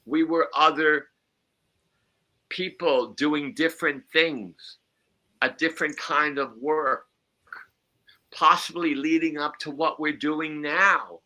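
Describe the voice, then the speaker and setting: A man's voice: a little high, slow pace, long pauses, bright, forceful tone. A man hosting a podcast as a psychic medium, chatting casually in a rambling way with chuckling asides.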